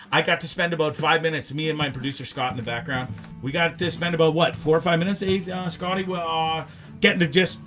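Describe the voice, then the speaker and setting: A man hosting a live talk show, rambling and animated, swearing freely. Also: a little high. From Canada. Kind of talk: casual live show chat.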